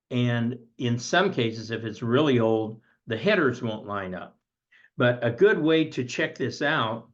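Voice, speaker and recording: A man's voice: medium pitch, dull audio. A man teaching a recorded history lesson, reading aloud from a textbook and breaking off into conversational asides.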